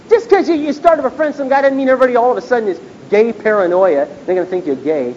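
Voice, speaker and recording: A man's voice: extremely high pitch, fast, hardly any pauses, darkish tone. Man preaching a storytelling sermon. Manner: conversational, storytelling, acts out dialogue. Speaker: pastor. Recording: dull lo-fi recording with faint noise.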